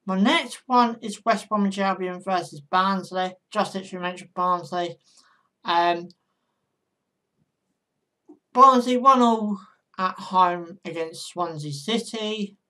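A woman's voice: medium pitch, takes it slowly, long pauses, bright, forceful tone. A woman vlogger giving casual football predictions in a chatty monologue, talking straight to her viewers.

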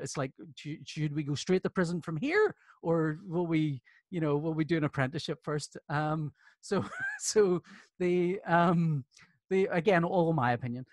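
With a slightly high voice and no room sound at all, this Northern Irish comics artist in his fifties guests on a podcast. He's a lively, joking storyteller who bursts out laughing during the relaxed conversation.

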